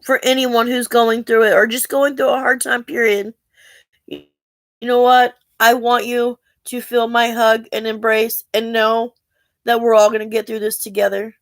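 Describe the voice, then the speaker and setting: A woman's voice: on the high side, little pitch movement, moderate pace, no echo. A woman, talking earnestly and in a rambling, heartfelt way to her viewers, asking for help. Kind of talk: emotional personal talk to camera.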